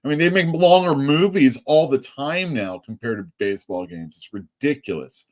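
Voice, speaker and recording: A man's voice: medium pitch, animated, moderate pace. A man from California hosting a casual live stream for his comic shop, chatting loosely and reading out viewer comments. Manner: chatty, reads out chat comments, laughs often.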